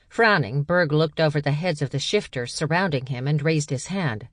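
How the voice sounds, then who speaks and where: A woman narrating an audiobook in a measured, even storytelling manner. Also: low-pitched, no room sound. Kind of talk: scripted narration. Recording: dry close studio sound.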